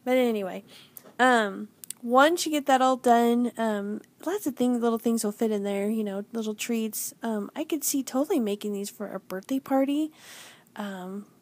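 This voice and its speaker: A woman's voice: a little high, normal speed, darkish tone. A woman in her forties hosting a stamping craft tutorial, chatty and self-deprecating with many ums. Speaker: stamping demonstrator and channel host. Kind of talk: casual craft tutorial narration.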